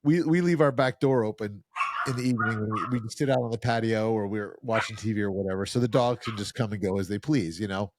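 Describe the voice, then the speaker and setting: Relaxed chatty podcast host, man. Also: lowish voice, fast, slight background noise. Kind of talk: casual podcast chat.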